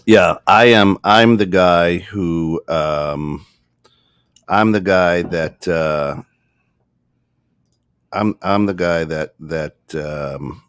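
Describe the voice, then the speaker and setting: A deep-voiced man tells stories in a loose, halting way, full of fillers and restarts and breaking into laughter. The sound is dry and close, with no room around him. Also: clean tone, dry recording. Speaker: podcast guest. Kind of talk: casual storytelling chat.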